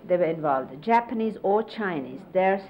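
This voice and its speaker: A middle-aged woman casually reminiscing, explaining hand gestures in an unhurried, conversational way and often quoting others. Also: on the low side, expressive. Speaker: interviewee recalling life with a spiritual teacher. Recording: lo-fi 1970s videotape, faint hiss.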